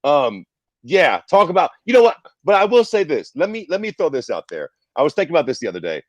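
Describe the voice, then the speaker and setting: A man's voice: a little high, huge pitch swings, fast, no echo, muffled recording. A man co-hosting a podcast in casual chat, brash and profane, a self-described contrarian. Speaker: podcast co-host.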